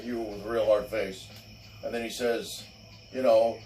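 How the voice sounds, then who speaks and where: A man's voice: medium pitch, moderate pace, a little mellow, far from the mic, a little hiss or hum, poor audio. A man hosting a casual podcast chat, ranting bluntly and profanely. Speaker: show host.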